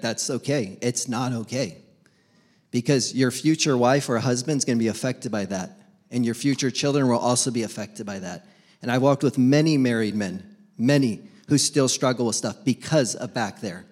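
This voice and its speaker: A young man preaches in a loose, joking way, slipping into quick voiced exchanges between himself and God. His pitch sits in an ordinary middle range for a man, and his talk stays relaxed and conversational from line to line. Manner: casual, joking preacher who acts out dialogues with God. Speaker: pastor. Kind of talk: sermon.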